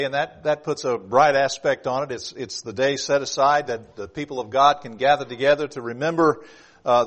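A middle-aged man preaching a sermon, moving from a calm welcome to loud, emphatic preaching and often repeating words as he restarts. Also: mid-range voice.

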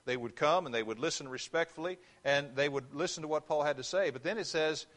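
A man delivers a sermon from the front of a church, his fairly high voice pressing hard on key phrases. He swings from loud emphasis down to quiet, pointed asides to the congregation. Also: brisk. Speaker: preacher.

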